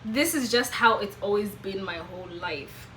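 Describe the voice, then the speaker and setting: A woman's voice: medium pitch, moderate pace, a bit bright, a little hiss or hum, rough recording. A young woman with a Kenyan accent talking earnestly to camera in a reflective personal vlog, asking herself question after question. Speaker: vlogger.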